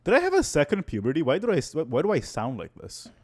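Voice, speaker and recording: A man's voice: fairly high pitch, wildly swooping pitch, fast. A man streaming casually, reacting to old clips of himself, exasperated and swearing. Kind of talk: casual livestream chat.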